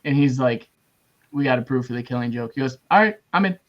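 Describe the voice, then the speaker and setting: A man's voice: mid-range voice, animated, fast talker. A man chats on a podcast, rambling through a retold story with lots of quoting. The recording sounds slightly muffled and lo-fi. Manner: rambling, quotes people with lots of "he's like". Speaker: podcast co-host. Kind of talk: casual chat.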